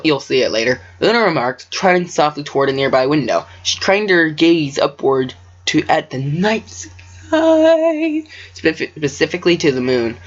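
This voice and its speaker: A man reading fan fiction aloud at home. He rambles into self-deprecating asides and stumbles over his words. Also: mid-range voice. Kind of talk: casual story reading with asides. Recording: dull lo-fi home recording.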